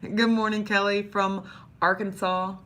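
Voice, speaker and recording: A woman's voice: little pitch movement, measured pace, very noisy. A young woman who has lost much of her voice, chatting casually and greeting viewers by name on a live stream. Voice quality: low, husky from strain. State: hoarse, losing her voice. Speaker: vlogger greeting live chat.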